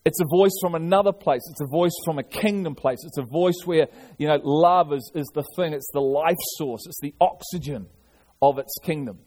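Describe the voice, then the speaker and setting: Male pastor, fairly high voice, earnest sermon with restarts and repetition. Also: normal speed, a little mellow.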